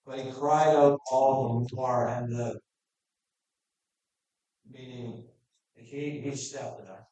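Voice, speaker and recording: A man's voice: mid-range voice, steady tone, takes it slowly, pauses often, mellow, far from the mic. Male pastor, casual verse-by-verse preaching, off-mic in a very live, echoey room. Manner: conversational, plainspoken, reads scripture aloud then explains. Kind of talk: verse-by-verse sermon.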